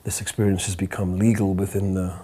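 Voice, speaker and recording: A man speaking as an interview guest, telling a reflective story in a halting way, often repeating words and laughing softly. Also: deep voice, little pitch movement, breathy edge.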